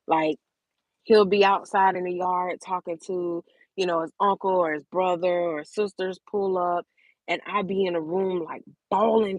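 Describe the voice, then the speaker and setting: A woman's voice: medium pitch, fairly even intonation, unhurried, no echo. A woman vlogger speaking openly and emotionally to her viewers, repeating words for emphasis. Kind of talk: candid personal talk to camera.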